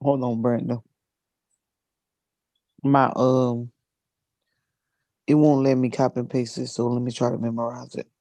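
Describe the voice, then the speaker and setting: A woman's voice: a little slow, pauses often, dry recording. A woman chatting casually, telling a funny story with lots of laughter and acted-out quotes. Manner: laughs often, acts out quotes in a high excited voice. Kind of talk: casual chat, animated storytelling.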